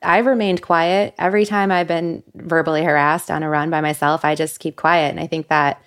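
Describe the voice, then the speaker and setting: A woman host with a low, gravelly voice leads a relaxed interview. She asks her questions conversationally and with sympathy. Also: a little fast. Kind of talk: casual interview.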